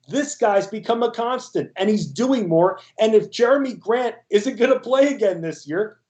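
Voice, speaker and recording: High-voiced man co-hosting a fantasy show. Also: a little mellow. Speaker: fantasy sports co-host. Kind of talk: casual live-stream chat.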